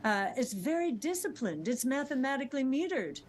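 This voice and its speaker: Measured woman explaining, faint noise. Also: high-pitched, very animated. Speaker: interview guest. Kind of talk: interview answers.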